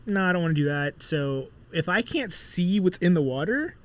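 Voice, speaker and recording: Animated man telling stories on a podcast. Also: sits high, normal speed. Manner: animated storyteller, acts out dialogue, many fillers. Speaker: musician guest. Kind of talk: casual podcast chat.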